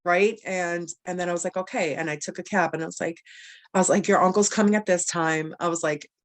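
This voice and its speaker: Young adult woman, lower pitch, casual storyteller with lots of fillers. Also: a little fast. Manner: animated, many fillers, quotes people in dialogue. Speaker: cancer survivor guest. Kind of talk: personal storytelling.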